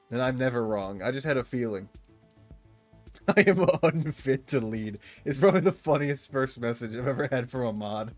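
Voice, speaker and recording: Young male streamer, rambling and self-mocking, casual chat over faint music. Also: mid-range voice. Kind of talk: casual gameplay chat with viewers.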